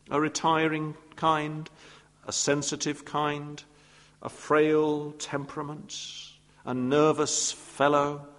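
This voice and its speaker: A man preaching a sermon, telling stories with playful asides and acting out quoted voices. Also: on the low side. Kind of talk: expository sermon. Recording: long reverb of a church hall.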